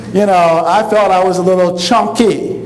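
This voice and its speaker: In a low-quality recording, a middle-aged man with a high-pitched voice tells a funny personal story. He is animated, acts out the voices of the people in it, and laughs along.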